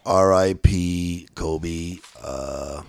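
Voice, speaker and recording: A man co-hosting a podcast, speaking haltingly and repeating words as he thinks. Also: deep voice, gravelly, a little mellow, clear, resonant tone, no echo, clean studio sound. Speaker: podcast co-host. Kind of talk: casual podcast chat.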